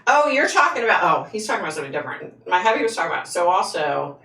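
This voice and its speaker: A woman's voice: lowish voice, sing-song, rapid-fire, fairly bright tone, distant mic. A woman who is a psychic, hosting a casual live stream and answering viewer comments frankly, laughing often. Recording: echoey room, voice away from the mic.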